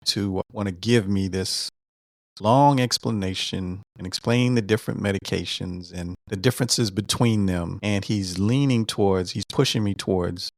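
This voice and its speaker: A man in his fifties, a veteran, casually retelling a doctor's visit in an animated way, repeating words and quoting what was said. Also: fairly low pitch, moderate pace, no echo, studio quality. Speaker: veteran sharing his cancer treatment story. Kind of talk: casual storytelling.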